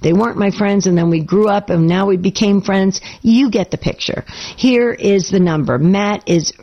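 A woman hosting a live call-in radio show, her voice raspy as she recovers, chatty and urging listeners to phone in. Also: mid-range voice, moderate pace, muffled recording.

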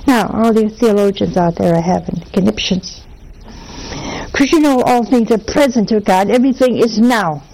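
A woman's voice: medium pitch, moderate pace, dark tone, low-quality recording. A woman giving a Catholic spiritual talk, telling folksy anecdotes with humor in a conversational way.

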